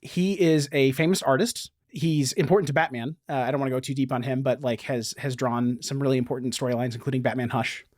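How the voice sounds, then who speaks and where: An enthusiastic man hosting a casual podcast chat, his voice sitting at an ordinary middle pitch. He reads passages aloud eagerly. The sound is dry and close, with no room echo. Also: fairly even intonation, fairly quick, hardly any pauses, darkish tone. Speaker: podcast host.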